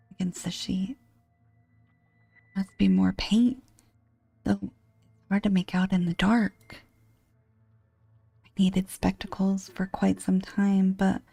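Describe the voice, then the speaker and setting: A woman reading a horror game aloud in a hushed, breathy whispered role-play. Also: medium pitch, no echo. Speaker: game narrator.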